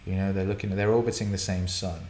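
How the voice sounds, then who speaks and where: A man hosting a live viewer Q&A broadcast from a home studio, excitable and profane, laughing and rambling as he reads out questions. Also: sits low, fast, echoey room, a little hiss or hum. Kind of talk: casual live-stream chat, reading viewer questions.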